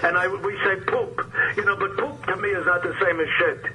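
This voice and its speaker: A man's voice: sits high, steady tone, fairly quick, bright, forceful tone, a little hiss or hum, low-quality recording. An older man, a comedian guest, chatting casually and telling rambling jokes. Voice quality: joking, rambling delivery. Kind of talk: casual interview chat.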